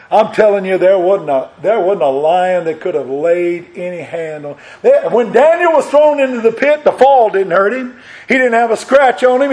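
A man preaching a sermon, emphatic, rising to loud peaks and repeating his phrases. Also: on the high side, rough recording.

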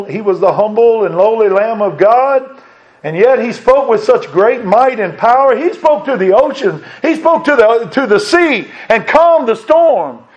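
A man's voice: on the high side, a little mellow, lo-fi sound. A middle-aged man preaching a sermon with fervor, his voice swelling on key lines.

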